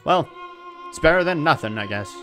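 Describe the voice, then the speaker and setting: A man's voice: fairly high pitch, expressive, moderate pace, music in the background. A man hosting a let's play video, reading game text aloud with casual, jokey asides. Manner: casual, jokey asides between read lines. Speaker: gaming video host.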